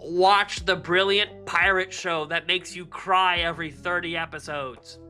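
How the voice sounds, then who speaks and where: A young male streamer talks casually to his chat in a bright, forceful voice, animated and quick to laugh and swear. Faint music plays underneath. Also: high-pitched.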